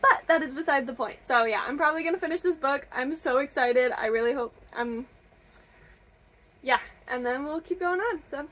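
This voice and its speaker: A young woman from Michigan chatting casually in a reading vlog, gushing and excitable. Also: high voice, moderate pace. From Michigan, USA. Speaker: book vlogger. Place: camper.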